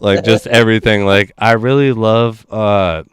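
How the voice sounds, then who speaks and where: A man's voice: lowish voice, steady tone, unhurried, smooth, dry recording, clean studio sound. A man hosting a gaming stream in casual chat, laughing often and swearing as he tells stories.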